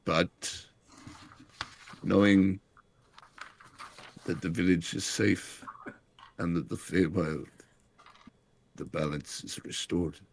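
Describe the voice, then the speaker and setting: A man voicing a solemn, dying old village leader with a put-on German accent, speaking slowly and fading with gasps. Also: fairly low pitch, fairly even intonation, warm tone, slight background noise. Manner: slow, fading, breathy gasps.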